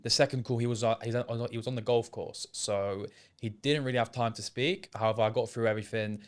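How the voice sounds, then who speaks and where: A man's voice: mid-range voice, steady tone, a little fast. Hesitant young man, trailing off. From England. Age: young adult. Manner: hesitant, trails off, many restarts. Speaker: interview guest, sales setter. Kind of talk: casual interview.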